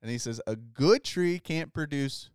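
Man, podcast host, casual Bible study talk, smooth clear voice, dry close sound. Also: fairly high pitch, a little slow, no echo. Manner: relaxed, says "like" often, reads scripture aloud.

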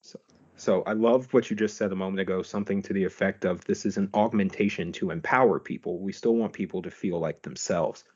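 A man interviewing a guest, asking relaxed, curious questions. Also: low-pitched, a little fast, breathy edge. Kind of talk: podcast interview. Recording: dull lo-fi audio.

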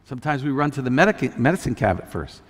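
A man preaching a sermon as a pastor, conversational with many restarts, building to loud emphatic peaks. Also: mid-range voice, very animated, quick pace, long reverb tail.

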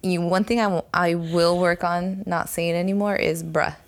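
A woman's voice: fairly low pitch, fairly even intonation, normal speed. Laid-back slangy young woman. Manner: slangy, laid-back, says "dude" and "you feel me". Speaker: podcast co-host. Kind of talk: casual chat.

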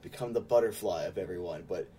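A man's voice: low voice, fast, mellow. A man from Arizona talking loosely on a sports podcast. He rambles, packs his sentences with "like" and laughs easily between thoughts. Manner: rambling, heavy use of "like", laughs often. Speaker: podcast co-host. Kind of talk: casual chat.

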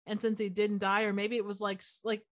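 A woman co-hosts a casual podcast and thinks aloud as she talks, full of fillers and restarts. Her voice is at a middle pitch and comes across as plainly conversational. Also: flat delivery, a little fast. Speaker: podcast co-host. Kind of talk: casual chat.

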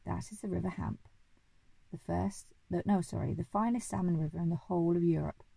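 A woman's voice: fairly low pitch, a little fast, vocal fry, warm tone, breathy edge, no echo, exaggerated voice, rough recording. A woman voicing a grand, boastful male duke who thinks himself an expert on animals, speaking in a pompous, hearty way.

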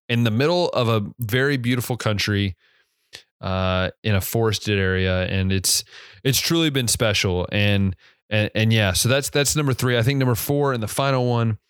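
This podcast host is a young man whose fairly low, clear voice has a resonant ring, captured at studio quality with no room sound. He talks casually and reflectively, wandering and correcting himself through many fillers. Some yawning makes him seem a little drowsy.

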